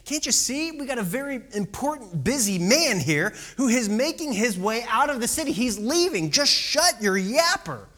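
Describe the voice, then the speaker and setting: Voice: mid-range voice, very animated, moderate pace, hardly any pauses, fairly bright tone, big-room sound. A preacher voicing an impatient roadside crowd that scolds a beggar in a mocking, bossy way. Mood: scolding.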